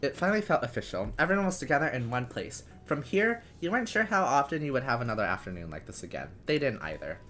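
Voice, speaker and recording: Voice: mid-range voice, very animated, fast talker, few pauses, a bit bright, soft background music. A host narrating an interactive story in second person, laughing now and then while reading.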